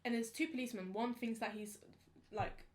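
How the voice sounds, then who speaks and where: A young woman, casually telling a story on a podcast in slangy, animated talk. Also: fairly high pitch, fairly quick. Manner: animated, slangy, acts out quotes. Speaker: podcast co-host.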